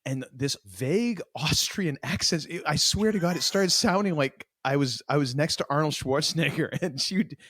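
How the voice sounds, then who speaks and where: A man's voice: fairly high pitch, lively intonation, normal speed, few pauses, fairly bright tone, no echo, clean studio sound. A man co-hosting a podcast, talking in a casual, rambling way and drifting into playful tangents. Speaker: podcast co-host. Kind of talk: casual chat.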